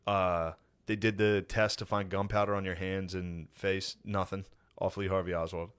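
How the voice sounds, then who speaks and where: A man co-hosting a podcast in casual chat, telling a story with animated laughs and slow, emphatic beats. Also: low voice, clean tone. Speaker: podcast co-host.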